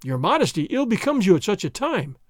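A man puts on a soft-spoken young gentleman who needles with polite innocence. The voice sits high and swings freely. It is heard close and dry, as in a storybook reading. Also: very animated, a little fast, no echo. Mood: needling, mock-innocent. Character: mild, teasing young nobleman, languid and polite.

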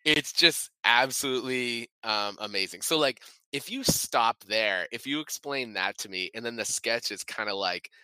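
A man co-hosting a casual comedy podcast, rambling and animated, with lots of fillers and swearing. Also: medium pitch, moderate pace, few pauses, clean tone, no echo, low-quality recording. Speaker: podcast co-host.

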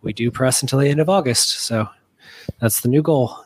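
A man's voice: mid-range voice, normal speed, slight background noise. A man speaking as a podcast guest in casual chat, upbeat and laughing often. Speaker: podcast guest, series creator.

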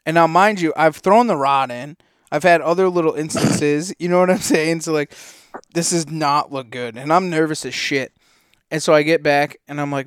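Male podcast co-host, slightly high, smooth tone; loose, rambling, swears freely. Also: moderate pace, no room sound, studio quality. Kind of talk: casual storytelling.

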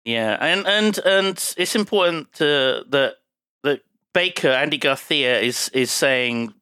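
A man co-hosting a podcast, recapping a film in casual, sweary chat with low-voiced asides. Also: animated, takes it slowly, bright, forceful tone, clean tone, dry recording, clean studio sound. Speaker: podcast co-host.

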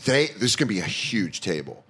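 A man on a casual podcast, telling lively stories with quick impressions and swearing. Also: fairly low pitch, husky. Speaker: podcast guest, comedian.

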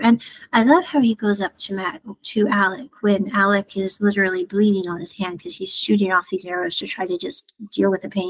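A woman's voice: medium pitch, normal speed, low-quality recording. A woman giving a casual spoken review of a TV series, rambling and digressive as she animatedly retells scenes.

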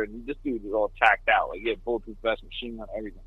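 A man from New York City, a truck driver, telling a story in casual chat with quick laughing asides. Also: mid-range voice, no room sound. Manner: fast, animated, laughing asides. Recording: dry tinny phone line.

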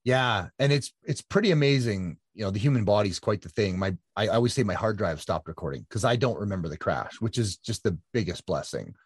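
A man in his fifties telling his story in a casual interview, animated, with many fillers and restarts. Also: on the low side, fairly quick, hardly any pauses, husky, no room sound, clean studio sound. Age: 50s. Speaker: guest, ultra-endurance triathlete.

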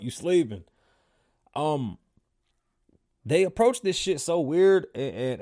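A man hosts his own show live and rants casually about the news. He swears freely and jumps from low mutters to loud outbursts. His voice sits at an ordinary pitch for a man. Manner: profane, animated ranting with sudden loud outbursts. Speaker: podcast host. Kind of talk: casual livestream monologue.

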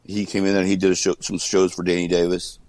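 This former wrestler speaks at a quick pace in a low voice, recounting stories in a casual interview. He laughs often and animatedly acts out what people said, on a dry, rough recording.

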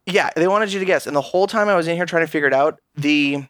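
Talking fast in a voice on the high side, this man co-hosts a podcast and goes on a profane, casual rant about a video game. He complains animatedly, and there's no room sound.

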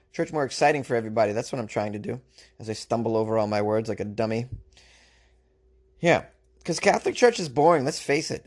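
A man hosting a podcast, giving comic commentary on a news story in a rambling, self-mocking, joking way. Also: medium pitch. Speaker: podcast host.

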